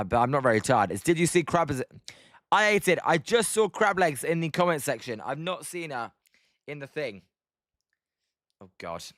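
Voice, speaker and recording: A man's voice: a little high, fairly bright tone, dry recording, clean studio sound. A British man giving casual live-stream baseball commentary, chatting and swearing often while reading out the chat.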